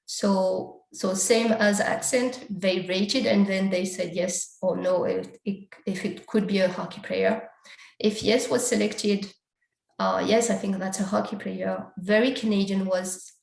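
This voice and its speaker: Her voice is mid-range, slightly mellow, and creaky as she delivers an academic conference talk, working through slides and survey results step by step and repeatedly quoting the survey questions. The room is echoey and the recording rough.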